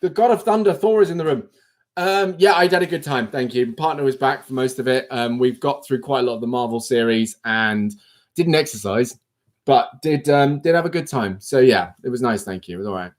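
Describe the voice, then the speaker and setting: A brisk man hosts a casual livestream, chatting playfully and reading viewers' comments aloud, now and then breaking into sudden high exclamations.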